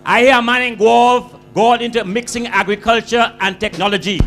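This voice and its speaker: A man with a Grenadian accent telling comic stories in a stand-up monologue, with a lilting, animated delivery and drawn-out punchlines. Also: very high-pitched, soft background music. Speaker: comedian storyteller.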